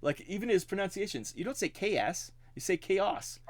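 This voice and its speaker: A man's voice: sits high, animated, moderate pace. A man co-hosting a podcast, chatting casually and laughing often. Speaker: podcast co-host. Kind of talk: casual chat.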